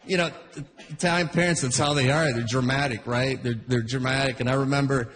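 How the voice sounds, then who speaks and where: A man's voice: mid-range voice, fairly even intonation, a little fast, fairly bright tone. A man telling a childhood story as stand-up comedy, chatty and punctuated by "right?" and "you know what I mean?", in a noisy live recording. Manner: chatty, keeps asking "right?".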